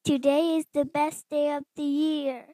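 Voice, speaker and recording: A woman voicing an excitable, cheerful female pig from a picture book in a slow, eager, sing-song reading. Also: sits high, dry recording. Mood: excited.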